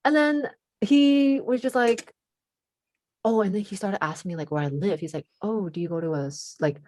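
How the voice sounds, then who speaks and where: A teenage girl with a deep voice, chatting casually as a podcast co-host and telling a story, full of fillers and switching into Cantonese now and then. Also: normal speed, a little mellow, no room sound. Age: teens. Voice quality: deep voice for a woman.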